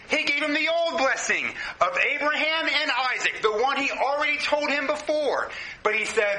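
A man's voice: high-pitched, lively intonation, normal speed, pushed and bright. A man, a pastor, preaching a sermon with passion and speaking straight to his congregation. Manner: impassioned preaching, addresses the congregation directly. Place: church hall with a congregation. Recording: roomy echoing hall.

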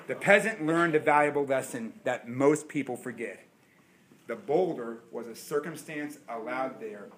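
A man in his forties delivers a sermon, his voice sitting high for a man. He tells stories in an animated way, slipping into voices for the people in them. A faint hum of noise sits behind him. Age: 40s. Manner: animated storytelling, acting out voices. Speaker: pastor.

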